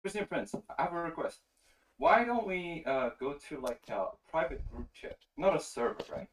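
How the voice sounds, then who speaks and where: A man's voice: a little high, animated, normal speed, far from the mic, slight background noise, poor audio. A young man calling into an online debate, casual and slangy, pressing his point insistently. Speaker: caller joining a debate. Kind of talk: online voice chat.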